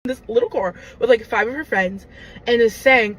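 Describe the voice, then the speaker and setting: Animated young woman telling a dating story. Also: on the high side, moderate pace, rough recording. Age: young adult. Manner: animated, dramatic, lots of fillers. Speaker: storyteller in a clip. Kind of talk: casual storytelling.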